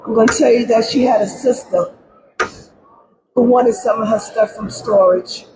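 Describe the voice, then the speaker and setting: A woman's voice: a little high, moderate pace. A middle-aged grieving grandmother speaking at a press conference, pleading and tearful, often repeating her words. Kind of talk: emotional press conference speech. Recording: crowd noise around the speaker.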